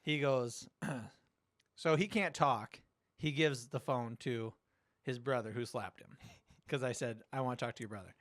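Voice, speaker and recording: A middle-aged man hosting a podcast, telling a story in casual chat, animated, swearing and acting out quotes. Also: medium pitch, a little slow, no room sound, studio quality. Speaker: podcast host.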